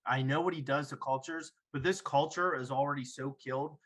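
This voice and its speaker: A man's voice: mid-range voice, fairly even intonation, brisk, a bit bright, poor audio. A young man hosting a podcast, arguing his sports take emphatically and repeating himself to make his point. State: hiccuping after drinking. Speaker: podcast host. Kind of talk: casual sports debate.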